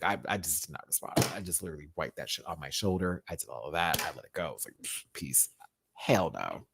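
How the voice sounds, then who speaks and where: A man hosting a live-stream review, chatting casually and swinging from loud outbursts to muttered asides. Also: on the low side. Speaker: YouTube reality TV reviewer.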